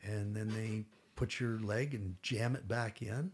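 A man's voice: lowish voice, steady tone, unhurried, husky. A middle-aged man telling a long story as a podcast guest, rambling and acting out what others said, with casual swearing.

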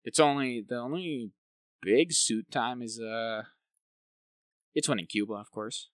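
A man's voice: medium pitch, measured pace, no echo, studio quality. A man co-hosting a podcast, chatting casually about films, rambling with lots of "like" and tag questions. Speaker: podcast co-host. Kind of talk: casual film review chat.

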